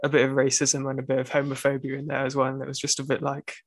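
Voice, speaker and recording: A man's voice: mid-range voice, completely flat delivery, quick pace, gravelly, no room sound. A young man, a university student, telling a rambling story in casual chat, full of fillers and restarts.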